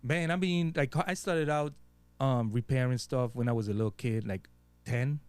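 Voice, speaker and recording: A man's voice: mid-range voice, moderate pace, clear, resonant tone, dry recording, faint music behind. A man with a Virgin Islands accent talking casually as a guest DJ, loose and slangy, swearing freely. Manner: laid-back, street slang, frequent swearing and fillers. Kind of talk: casual interview chat.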